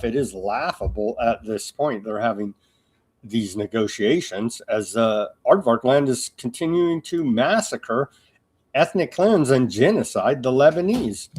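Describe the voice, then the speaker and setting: A man's voice: medium pitch, a little mellow, breathy edge. A man hosting a live political news commentary show, talking in a sarcastic, mocking way with lots of fillers and restarts.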